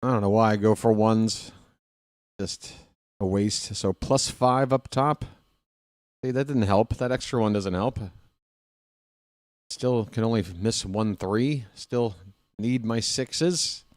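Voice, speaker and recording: A man's voice: fairly low pitch, takes it slowly, pauses often, a little mellow, no echo, studio quality. A man hosting a live stream, chatting casually and trash-talking his opponent in a playful way.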